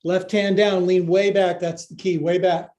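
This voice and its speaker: A man's voice: high-pitched, little pitch movement, a little slow, a little mellow. A male yoga teacher leading a live-streamed class, cueing poses with playful jokes and sometimes out of breath.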